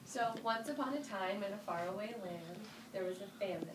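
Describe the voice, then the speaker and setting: A woman telling a folk tale to children, animated and inviting her listeners to join in. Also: medium pitch, moderate pace. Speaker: storyteller. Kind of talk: interactive storytelling for children. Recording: roomy, distant mic with ambient noise.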